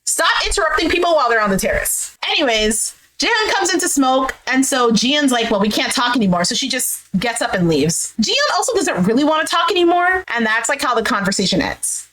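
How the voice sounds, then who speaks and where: A woman recapping a dating show episode in a casual, animated way, quoting the cast as she retells each scene. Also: high-pitched, a little fast, hardly any pauses, low-quality recording. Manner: retells scenes animatedly, acting out quotes with "he's like". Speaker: recap vlogger. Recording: faint background noise.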